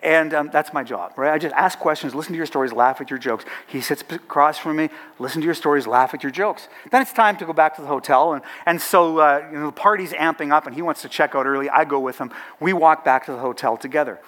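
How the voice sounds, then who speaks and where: A middle-aged man from Canada tells a lively story to a crowd, with a slightly raised voice. His delivery is animated and anecdotal, full of playful asides. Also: fairly high pitch, fast, few pauses. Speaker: chaplaincy organization leader. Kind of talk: storytelling talk to an audience.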